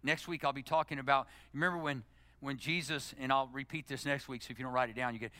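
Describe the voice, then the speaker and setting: A middle-aged male pastor delivering a sermon, swinging from loud, emphatic exhortation to hushed, intimate prayer. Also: medium pitch, fast, no echo. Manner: animated preaching, climbing to loud emphasis then dropping to hushed, intimate prayer.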